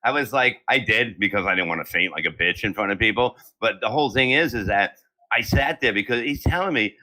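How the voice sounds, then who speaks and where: A man in his seventies hosts a comedy podcast from home, spinning crude, brash comic tales packed with constant swearing. His voice sits on the low side, bright and forceful, with lively intonation and a slightly quick pace.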